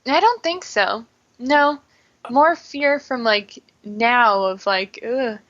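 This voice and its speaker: A woman's voice: fairly high pitch, slow, fairly bright tone, dull audio. A woman guest on a podcast, repeating tapping phrases and talking hesitantly with many fillers. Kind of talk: repeating phrases and casual talk.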